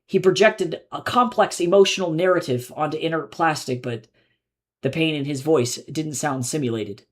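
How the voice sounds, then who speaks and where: A man, the author, reading his own novel aloud live in measured, low-key narration.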